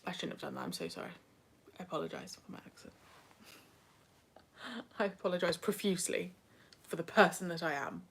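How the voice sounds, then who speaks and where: A woman's voice: fairly low pitch, big pitch swings, a little fast, long pauses, fairly bright tone, husky. A young British woman hosting a casual livestream, reading chat and talking with self-deprecating asides. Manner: chatty, self-deprecating, drifts into whispers.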